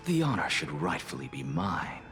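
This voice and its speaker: Anaxa, a curt, aloof scholar. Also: male voice, low voice, huge pitch swings, moderate pace, fairly bright tone, soft background music, heavily acted. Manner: dry, curt, self-assured. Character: aloof, proud male scholar professor. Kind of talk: video game voice acting.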